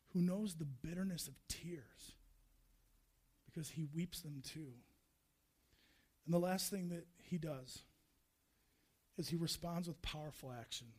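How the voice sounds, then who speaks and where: Male preacher, high voice, emphatic, repetitive refrains, loud builds. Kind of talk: sermon.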